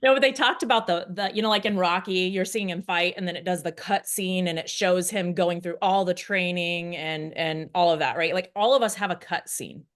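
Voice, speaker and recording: Woman, real estate coach on a podcast, chatty and rambling, slightly low voice. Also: normal speed, hardly any pauses. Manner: rambling, animated, self-interrupting. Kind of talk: casual podcast discussion.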